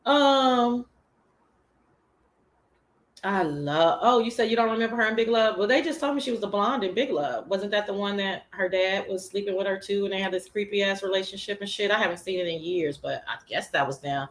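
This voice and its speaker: A woman hosts a casual livestream chat show, speaking straight to her viewers in a brisk, reverberant mid-range voice. She's sassy, profane, animated and chatty.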